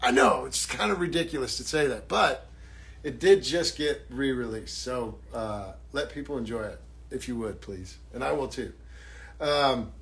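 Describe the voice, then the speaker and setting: A man, an actor signing autographs on a live stream, chatting casually in a jokey, self-mocking way and thanking fans warmly. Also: mid-range voice.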